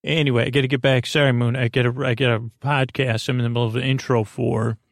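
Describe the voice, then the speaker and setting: Sleep-podcast host, male, rambling and halting; gravelly voice, average pitch. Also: flat delivery, dry recording, clean studio sound. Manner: meandering, halting, full of uh and restarts; slow dreamy talk addressing the moon.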